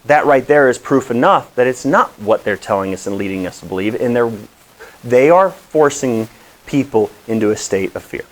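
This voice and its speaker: Guy doing a health vlog, fired up and preachy, keeps going off on tangents, normal mid pitch. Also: lively intonation, moderate pace. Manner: impassioned, preachy, rambling asides. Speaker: wellness doctor host. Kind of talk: direct-to-camera health vlog.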